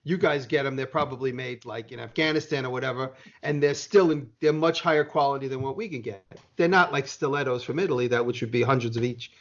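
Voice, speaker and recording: A man's voice: mid-range voice, fast talker, few pauses, a bit bright. Laid-back American man telling a story. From United States. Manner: rambling, laid-back, swears casually. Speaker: podcast guest. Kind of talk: casual storytelling chat. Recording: dull lo-fi sound.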